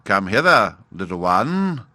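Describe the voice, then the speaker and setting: A man voicing a sly, menacing crocodile, talking slowly and coaxingly. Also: fairly low pitch, very animated, bright, forceful tone, dry recording, heavily acted.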